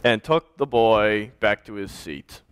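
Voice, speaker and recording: A man's voice: lowish voice, slow pace, a crowd in the background, background noise. A man, a pastor, telling a children's story during a church service and directing children to act parts out.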